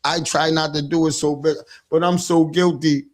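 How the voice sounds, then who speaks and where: A man's voice: a little high, little pitch movement, normal speed. A man who is a father, hosting a livestream and talking bluntly and profanely about raising kids, often stumbling and restarting his sentences. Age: adult father. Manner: blunt, profane, repeats himself with many restarts. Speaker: livestream host giving parenting talk. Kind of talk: casual street-talk monologue. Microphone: livestream setup.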